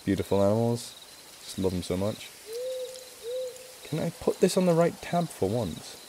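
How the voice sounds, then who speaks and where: A man's voice: fairly low pitch, very animated, normal speed, noisy background. A young English man chatting casually on a charity live stream, rambling and self-mocking. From England.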